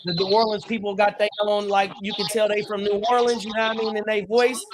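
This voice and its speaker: A man's voice: high-pitched, flat delivery, fast, background noise. A man co-hosting a sports podcast, telling a story casually with plenty of swearing. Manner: storytelling, swearing, laid-back. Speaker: podcast co-host. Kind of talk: casual banter.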